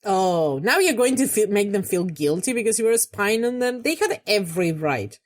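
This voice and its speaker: A young woman talks her way through a drama episode in casual reaction commentary, addressing the characters directly. Her pitch moves a lot, rising and falling with every exclamation, and she raises her voice when something makes her angry. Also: moderate pace. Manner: expressive, talks back at the screen, gets loud when angry. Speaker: reaction video host.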